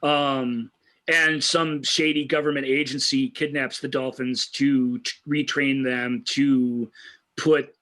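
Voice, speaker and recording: A man co-hosting a film chat show, speaking with a bright, forceful tone. He talks eagerly and loosely, circling back and restarting his sentences as he goes. His pitch sits in the middle range for a man. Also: flat delivery, slow. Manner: enthusiastic, restarts sentences often. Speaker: co-host of a movie review show. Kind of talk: casual film discussion.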